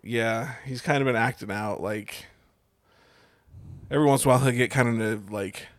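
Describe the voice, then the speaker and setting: A man's voice: mid-range voice, normal speed, no room sound. A man in his thirties, a podcast co-host, chatting casually and swearing freely as he tells stories. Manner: profane, laid-back storytelling. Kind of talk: casual chat.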